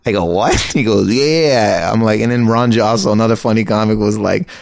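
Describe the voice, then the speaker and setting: A man, a stand-up comedian, telling animated stories in a casual chat, laughing as he talks. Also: on the low side, normal speed, vocal fry, dry recording, studio quality.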